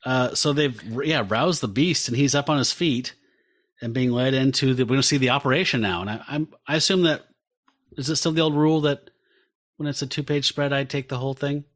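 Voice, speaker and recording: A man hosting a podcast, casually walking through comic pages in an animated way with lots of fillers. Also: mid-range voice, fairly quick. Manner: animated, describes panels with many fillers. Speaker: podcast host. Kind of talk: casual comic-book discussion.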